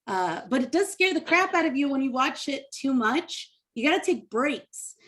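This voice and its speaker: A woman's voice: sits high, expressive, moderate pace, fairly bright tone. A woman comic doing a rambling, self-deprecating stand-up set on a video call. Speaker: stand-up comedian.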